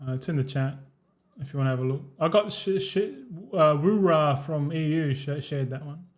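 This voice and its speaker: Laid-back swearing Australian streamer. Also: male voice, fairly high pitch, moderate pace. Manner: laid-back, rambling, swears freely, laughs often. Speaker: game streamer. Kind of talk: casual stream chat.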